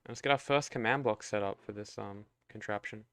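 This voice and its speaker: A young man streaming a building game, thinking aloud in a relaxed, mumbly way, trailing off and swearing casually. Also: fairly low pitch, a little fast, smooth, dry recording.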